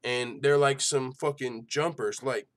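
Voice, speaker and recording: A man's voice: mid-range voice, steady tone, a little slow. A man hosting an MMA news channel in casual chat, swearing freely and laughing often. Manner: loose and profane, laughs a lot, lots of fillers.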